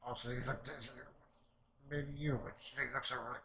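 A man's voice: mid-range voice, fairly even intonation, moderate pace, crowd noise, rough recording. A man hosting an anime reaction channel, talking in a rambling way with stumbles, restarts and frequent swearing. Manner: rambling, stumbling over words, swears often. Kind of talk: casual reaction commentary.

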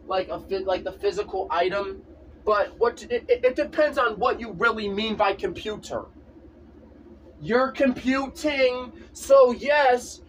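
A man's voice: high-pitched, fairly bright tone, distant mic, a little hiss or hum. A man in a casual vlog, ranting insistently and repeating himself over and over. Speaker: vlogger. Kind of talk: casual rant to camera.

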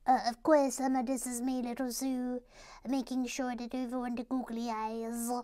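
A chirpy little woman called Little Sue chatters away in a bright, quick manner, as a woman puts her on. Her voice sits high and light, clearly above an ordinary speaking pitch. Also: flat delivery, lightly acted.

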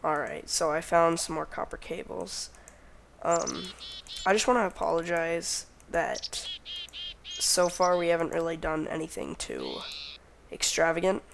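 A young man records casual game commentary at his computer, muttering to himself as he works out recipes. His voice has a gravelly edge and swings widely in pitch, and he talks at an unhurried pace. Faint noise sits behind the voice. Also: big pitch swings, fairly bright tone. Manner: mumbling to himself while crafting, counting under breath. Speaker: gaming channel host. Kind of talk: casual Minecraft let's play commentary.

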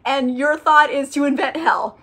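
A woman's voice: high voice, steady tone, moderate pace, a bit bright. A woman doing an exasperated, indignant male angel. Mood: incredulous. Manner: exasperated, incredulous questioning.

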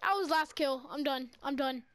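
A young woman giving casual, excitable commentary over her own gameplay through a gaming headset, quick to react and poke fun at herself. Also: high-pitched. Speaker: gaming video creator.

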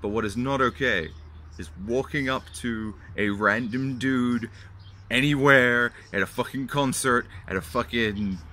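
A man's voice: mid-range voice, a little slow, bright, forceful tone. A young man hosting his own video channel, ranting bluntly and swearing freely as he answers a fan's question. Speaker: vlog host answering fan questions. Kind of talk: casual profane rant to camera.

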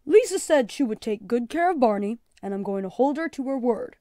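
A woman reading aloud and voicing a calm, gently teasing father in a storybook. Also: fairly high pitch, a little fast, no echo, studio quality, natural voice.

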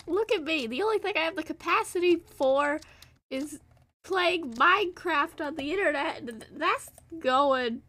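A woman's voice: sits high, animated, measured pace, pushed and bright. A teenage girl streaming a game, chatting casually in a rambling, self-deprecating way. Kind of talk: casual gameplay chat.

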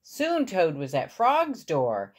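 Slow, animated woman reading a storybook. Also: fairly low pitch. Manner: warm, explaining the pictures. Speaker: parent reading to her boy. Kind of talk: storybook read-aloud.

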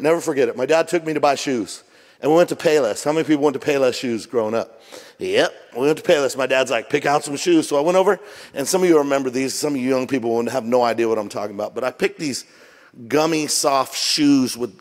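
A man's voice: medium pitch, a little mellow. A middle-aged man preaching a sermon as pastor, joking and conversational, jet lagged. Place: church auditorium. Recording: long reverb of a church hall.

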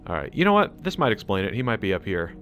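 A man's voice: lowish voice, fast, faint music behind. An American man hosting a gaming channel, chatting and laughing through casual gameplay commentary. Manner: excitable, chatty, laughs a lot.

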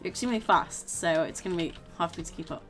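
A tired, low-energy woman streaming a game and chatting casually, rambling and repeating herself as she restarts sentences. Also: fast talker, a bit bright, faint music behind. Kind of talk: casual gaming stream chat.

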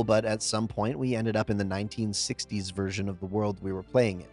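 A man reading out reader-submitted tabletop game stories in a scripted narration, expressive, with pauses for comic timing. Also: lowish voice. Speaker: story narrator.

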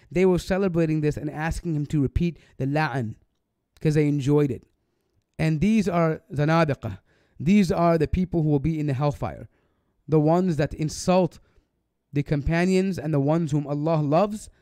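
Man, sarcastic online commentator, indignant, slightly high pitch, dead dry room. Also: dark tone, no echo. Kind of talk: polemical video commentary.

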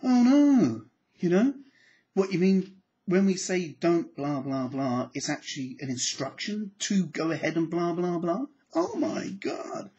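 Animated man teaching psychology. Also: unhurried, dull audio. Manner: animated, acts out examples with sudden pitch jumps. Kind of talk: lecture to camera.

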